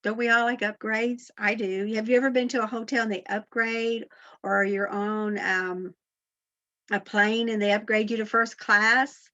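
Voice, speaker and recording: A woman's voice: on the high side, flat delivery, a little slow, sharp tone, lo-fi sound. Earnest woman giving a faith talk. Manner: earnest, encouraging, asks the listener questions. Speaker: Christian motivational speaker.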